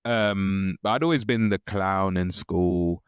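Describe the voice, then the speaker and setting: A stand-up comedian guest chatting on a podcast in a relaxed, joking way. His voice sits low for a man, and the recording is close and dry with no room sound. He mocks himself with an easy drawl. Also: slow, clear, resonant tone, dry recording. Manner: laid-back, joking, self-mocking. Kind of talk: casual podcast chat.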